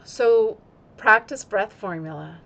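A woman yoga teacher speaking in an instructional video, using slow, deliberate phrasing timed to her breath. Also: medium pitch, creaky, bright, forceful tone, highs cut off.

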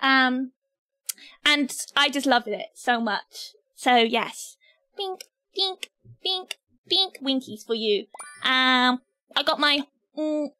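A woman's voice: sits high, slow, pushed and bright. A British woman streaming, chatting casually with her viewers, giggly and nervous. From Britain. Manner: giggly and nervous, talking to chat. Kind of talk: casual livestream chat.

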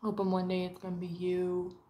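A woman vlogger sits at home talking to camera in a fairly low, dark, monotone voice at a fairly quick pace, her monologue profane and wandering, with little mock voices when she quotes others.

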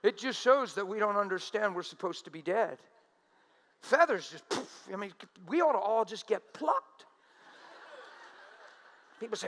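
A man preaching a sermon, animated, drawing out the words he quotes for emphasis. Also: very high-pitched, normal speed.

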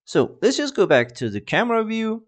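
A man walking through a 3D software tutorial, with a casual "I mean" and "let's just" as he goes. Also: sits high, sing-song, normal speed, no echo. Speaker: 3D tutorial creator. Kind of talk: screen-recorded software tutorial.

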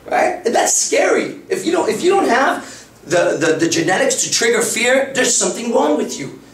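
A man's voice: very high voice, sing-song, moderate pace, a bit bright, slight background noise. A man in his thirties, a dating coach giving a live lecture in a blunt, profane, conversational way. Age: 30s. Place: lecture room. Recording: roomy, far from the mic.

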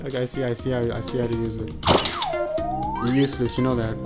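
Casting: man, gaming YouTuber, playful and jokey, mid-pitched, over loud game music. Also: fairly even intonation, quick pace. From South Africa. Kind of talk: let's play commentary.

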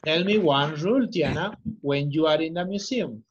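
Patient teacher coaxing young pupils. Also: male voice, fairly high pitch, lo-fi sound, slight background noise. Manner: slow, repeating prompts, coaxing. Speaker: English teacher. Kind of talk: online class teaching children.

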